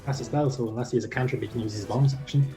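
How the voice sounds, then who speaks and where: A man's voice: mid-range voice, fairly even intonation, very fast. A man playing in a tabletop game, joking and swearing casually. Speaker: player. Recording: roomy sound with music.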